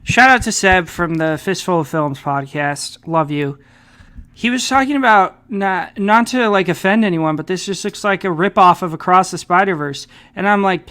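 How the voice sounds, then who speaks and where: Bright, easygoing podcast co-host. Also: mid-range voice, clear, resonant tone. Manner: easygoing, quick to agree. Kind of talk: casual podcast chat. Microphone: online call.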